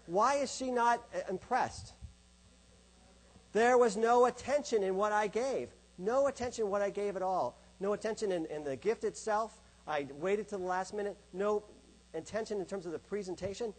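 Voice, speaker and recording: A man's voice: sits high, moderate pace, a little hiss or hum, rough recording. A middle-aged man giving a talk to an audience about love, asking questions and answering them himself. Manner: asks and answers rhetorical questions. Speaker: speaker on love and faith. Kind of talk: presentation to an audience.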